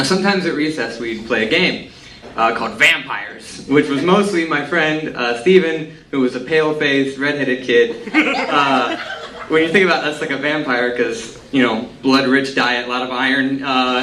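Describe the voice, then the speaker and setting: A man's voice: mid-range voice, normal speed, sharp tone. A man in his twenties from Texas telling a comic story to a live audience, with a wry, self-mocking delivery. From Texas, USA. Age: 20s. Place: stage at a live storytelling event. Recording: echoey room, distant mic, faint hiss.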